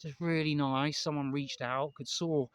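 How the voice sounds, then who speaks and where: A man's voice: on the high side, fairly even intonation, a little slow, clear, resonant tone, no echo. An English man vlogging outdoors in a park, rambling and emphatic, repeating himself and swearing now and then. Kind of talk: candid vlog monologue.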